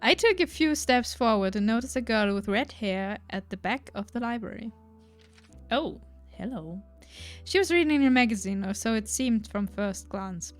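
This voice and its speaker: A woman's voice: a little high, animated, moderate pace, faint music behind. A young woman streamer reading a dating game aloud, with playful, joking asides.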